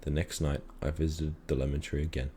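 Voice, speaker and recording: A man calmly reading a children's story aloud in a measured storytelling manner. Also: extremely low pitch, a little hiss or hum. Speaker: reader.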